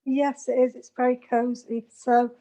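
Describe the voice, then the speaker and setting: A woman's voice: fairly high pitch, little pitch movement, unhurried, warm tone, a little hiss or hum. A woman from England chatting on an online meeting call, a giggly storyteller. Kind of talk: casual video call chat. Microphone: video call.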